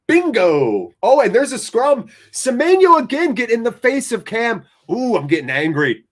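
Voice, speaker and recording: An American man with a slightly high voice hosts a live fan watchalong. Excitable and chatty, he calls the play while talking with viewers.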